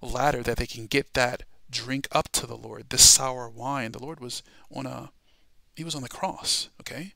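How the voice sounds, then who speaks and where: A man preaching a Bible study lesson in an emphatic way, moving between quiet asides and loud, stressed words. His voice is gravelly and pushed, with a tense, bright edge. The recording is close and dry, with no room echo. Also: mid-range voice, steady tone, normal speed. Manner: emphatic, asks "all right?" and "okay?" often.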